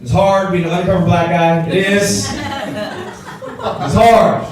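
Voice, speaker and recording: Slow but animated, a young man's high voice carries through a loose, chatty stand-up comedy set as he jokes with a live audience at an event venue. The sound is captured from far off in an echoey room, with the crowd loud.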